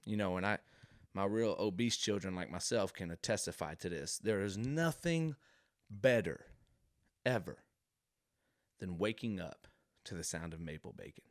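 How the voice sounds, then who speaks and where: A man's voice: low-pitched, steady tone, a little fast, dry recording, clean studio sound. A man hosting a podcast, telling a rambling comic story full of digressions and fillers. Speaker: podcast host. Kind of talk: comedic storytelling monologue.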